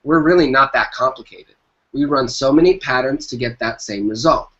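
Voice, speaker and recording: A man's voice: mid-range voice, normal speed, fairly bright tone. Emphatic man with a dull lo-fi sound. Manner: emphatic, repeats key phrases. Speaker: entrepreneur guest. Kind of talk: motivational interview talk.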